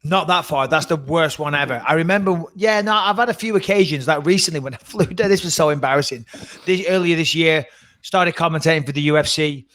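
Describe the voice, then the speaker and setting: Animated man telling a wild story. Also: on the high side, a little fast, no room sound. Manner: animated, swearing, dramatic retelling. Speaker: podcast co-host. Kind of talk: casual storytelling.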